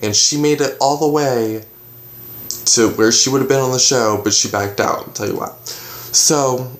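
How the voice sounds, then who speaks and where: A man's voice: medium pitch, normal speed, reverberant. A young man casually telling a long story to the camera, rambling and acting out what everyone said. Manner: rambling, animated retelling with quoted dialogue. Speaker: vlogger. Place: bedroom at home.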